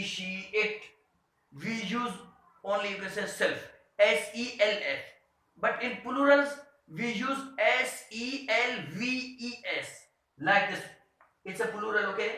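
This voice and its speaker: A man teaching a grammar lesson, hesitant with many fillers, slowing down to read example sentences aloud. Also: sits high, bright, forceful tone. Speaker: English teacher. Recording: very echoey room.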